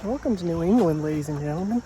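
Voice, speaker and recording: Walking outdoors by a road for a vlog, a man talks in a casual, wry, self-mocking way, with traffic noise in the background. His voice is fairly high, animated, and he talks fast.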